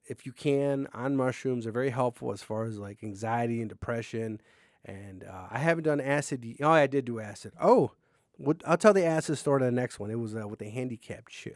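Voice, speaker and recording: Casting note: rambling, foul-mouthed male podcast host, middle pitch, dry close sound. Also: no echo. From Mexican-American. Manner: rambling, profane, joking, quick swings in loudness. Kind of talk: casual solo storytelling. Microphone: camera on a desk, seen on video.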